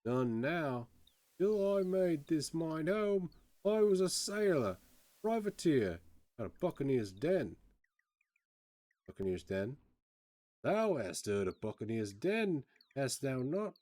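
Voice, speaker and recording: A man's voice: a little high, big pitch swings, takes it slowly, pauses often, a little mellow, no echo, pitched above the performer's own voice. A man voicing a bitter old male sailor locked in a cell, grumbling in a put-on with archaic speech. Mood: sly.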